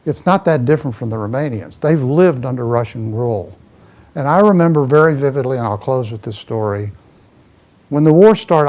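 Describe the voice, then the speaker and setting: A man's voice: medium pitch, darkish tone. A man, an ambassador, giving an emphatic public talk full of stories and answering audience questions as he moves around. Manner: emphatic storyteller, restless, moves around while speaking. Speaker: ambassador speaking at a forum.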